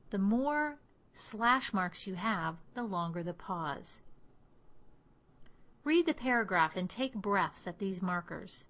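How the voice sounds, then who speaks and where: A woman accent coach giving a clear, measured speech lesson. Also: medium pitch, fairly bright tone. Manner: clear, measured teaching delivery. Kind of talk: instructional lesson.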